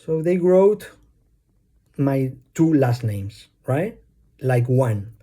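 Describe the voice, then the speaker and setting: A man with a Spanish accent, a native Spanish speaker talking English, rambling through a personal vlog monologue with many pauses and fillers. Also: mid-range voice, sing-song, warm tone. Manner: hesitant, many fillers, loses his thread. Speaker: vlogger. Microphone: phone.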